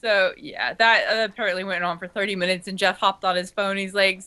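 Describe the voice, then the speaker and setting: A woman co-hosting a show, telling a lively story in casual chat and laughing often. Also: mid-range voice, fairly quick, clean tone. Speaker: podcast co-host.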